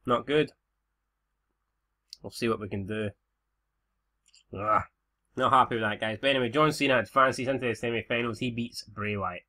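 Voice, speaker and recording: A man's voice: medium pitch, normal speed, long pauses, pushed and bright. A man in his twenties with a Scottish accent, giving casual let's-play commentary full of sweary, laid-back banter. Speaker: game commentator.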